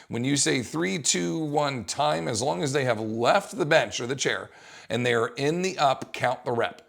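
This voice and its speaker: A young adult man coaching fitness, explaining an exercise test in a casual, lively way. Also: mid-range voice, normal speed, gravelly. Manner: casual, animated, acts out coaching calls. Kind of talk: instructional talk.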